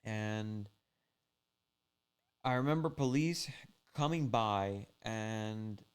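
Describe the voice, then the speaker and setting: A man's voice: fairly low pitch, extremely slow, clean tone. A man casually recapping a fishing trip story in a rambling, laid-back way, full of "like" and "you know". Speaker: fishing channel host.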